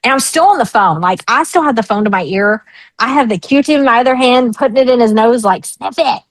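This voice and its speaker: A woman's voice: a little high, fairly quick, no room sound, low-quality recording. A woman in her thirties, a talk show guest, telling a personal story frankly and acting out the voices of the people in it. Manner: lively, frank, acts out quoted voices.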